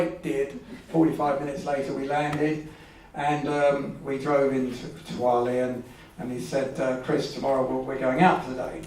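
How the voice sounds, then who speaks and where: A man's voice: mid-range voice, darkish tone. A man telling a personal story at a live event, rambling and anecdotal with hesitations. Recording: echoey hall from far off, faint hum.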